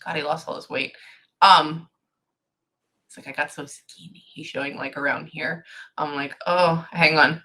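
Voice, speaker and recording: A woman's voice: low-pitched, steady tone, a little slow, long pauses, sharp tone. A woman giving a psychic reading to a client, thinking aloud and stopping herself with "hang on" over and over. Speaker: psychic medium.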